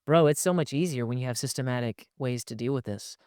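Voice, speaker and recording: An animated man talks through advice on a casual podcast. He jumps into quoted voices as he goes, and his voice sits at a middle pitch. The sound is dry and close. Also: fast talker, clear, resonant tone, no echo. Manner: animated, acts out quoted lines in shifting voices. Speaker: podcast host.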